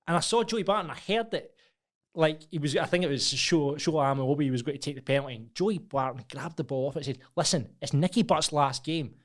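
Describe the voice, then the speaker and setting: Fast-talking Scottish man chatting football. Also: on the high side. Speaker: podcast co-host. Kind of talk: casual football chat. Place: podcast studio.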